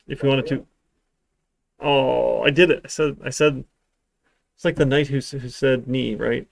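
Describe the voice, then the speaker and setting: Teaching a programming class over a live stream, this man wanders off on tangents and adds dry, sarcastic remarks. His medium-pitched voice is steady and creaky, with a moderate pace. No echo is present.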